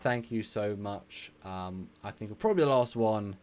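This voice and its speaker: Brief: male stream host, lowish voice, warm thanks, rambling and repetitive. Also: moderate pace. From England. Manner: rambling, effusive, repeats himself. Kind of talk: casual live stream chat.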